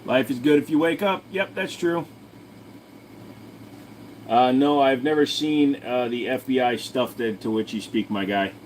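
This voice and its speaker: A man's voice: mid-range voice, a little slow, darkish tone, slight background noise. A man hosting his own channel, answering viewer questions in a rambling, crude, joking way. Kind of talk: casual livestream Q&A chat.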